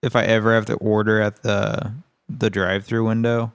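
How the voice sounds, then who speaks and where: A man's voice: on the low side, little pitch movement, moderate pace, gravelly, clean tone, dry recording. A man co-hosting a podcast, chatting casually about a film in a rambling way and swearing now and then. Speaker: podcast co-host.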